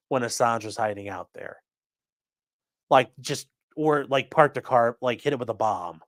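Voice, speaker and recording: A man's voice: mid-range voice, big pitch swings, a little slow, fairly bright tone, no room sound, clean studio sound. A man hosting a crime news livestream, talking casually and bluntly, swearing now and then and reading viewer comments aloud. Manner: blunt, profane, reads chat aloud. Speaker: livestream host.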